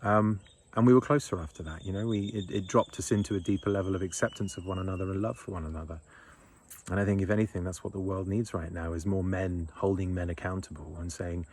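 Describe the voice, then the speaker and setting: A man's voice: low voice, fairly even intonation, fairly quick, darkish tone, husky. A man in his thirties talking in a blunt, rambling monologue, swearing freely and chuckling between thoughts. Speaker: men's retreat leader. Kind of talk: casual monologue.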